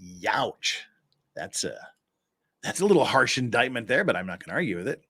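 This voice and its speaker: On his laid-back live stream, a man from Cache Valley, Utah, speaking with a Utah accent, reads the news aloud and drifts into sarcasm. His mid-range voice has big pitch swings, a moderate pace, a fairly bright tone and a breathy edge.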